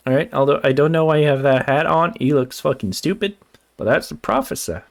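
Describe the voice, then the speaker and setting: A man streaming a game, excitable and casual, swearing, stammering and humming to himself. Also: a little high, fairly quick, vocal fry. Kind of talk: casual let's-play commentary. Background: faint game music.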